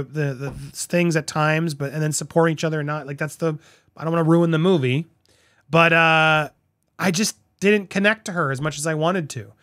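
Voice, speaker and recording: A man's voice: a little high, no echo, studio quality. A man giving a casual spoken film review, talking in a loose, rambling way with restarts and asides. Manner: animated, voices other people's reactions. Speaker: movie reviewer.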